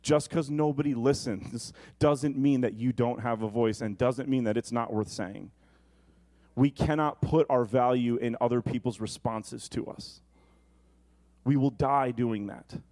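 A man preaching a sermon, animated and conversational, often asking the congregation questions. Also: medium pitch, unhurried.

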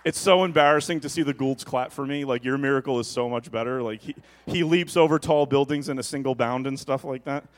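A man preaching a sermon as pastor, rising to loud emphatic lines and slipping into joking asides. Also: medium pitch, fairly quick, hardly any pauses.

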